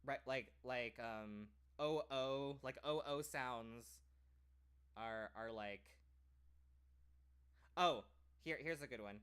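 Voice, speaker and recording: Casual American male streamer, mid-pitched, chatty and rambling, lots of fillers. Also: slow, pauses often, a bit bright, clear, resonant tone. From United States. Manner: rambling, full of "like" and restarts.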